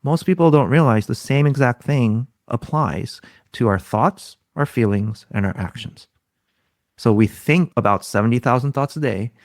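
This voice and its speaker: A man's voice: mid-range voice, expressive, normal speed, no room sound, clean studio sound. A man, a guest expert on a podcast, explaining ideas in a teaching tone and often throwing out rhetorical questions. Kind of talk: explaining in an interview.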